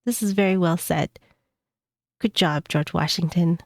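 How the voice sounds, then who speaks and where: A woman's voice: fairly low pitch, a little slow, a little mellow. A woman streamer giving casual reaction commentary with a congested, stuffed-up voice, rambling with many fillers. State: congested from a cold.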